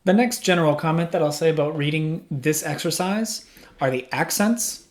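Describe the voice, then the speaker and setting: A man's voice: a little high, normal speed. A man working as a music teacher, giving a patient lesson in a small room and answering his own questions step by step. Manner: patient, asks questions then answers them. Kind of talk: instructional explanation. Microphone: studio microphone.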